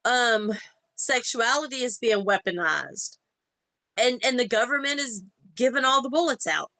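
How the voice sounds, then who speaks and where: A woman in casual chat on a podcast, telling animated stories and acting out the people in them. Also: on the high side, measured pace, dry recording, rough recording. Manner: animated, acts out quoted voices in anecdotes. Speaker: podcast co-host.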